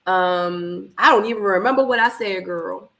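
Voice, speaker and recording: A woman's voice: mid-range voice, normal speed, poor audio. Under-the-weather woman chatting back at the screen. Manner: animated, laughing, talking back to the screen. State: under the weather, slightly hoarse. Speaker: live reaction stream host. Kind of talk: casual live watch-party chat. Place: home office. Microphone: camera microphone.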